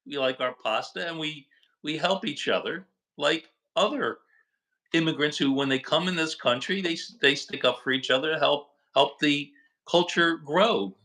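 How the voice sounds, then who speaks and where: Bright-voiced man, earnest doctor guest. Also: on the high side. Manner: earnest, explanatory, halting with fillers. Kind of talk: casual discussion.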